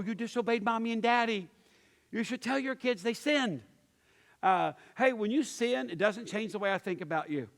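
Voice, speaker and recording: A man, preaching a sermon in a folksy storytelling way and acting out quotes with animated voices. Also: high-pitched. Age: 50s. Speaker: pastor. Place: church sanctuary. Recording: long hall reverb.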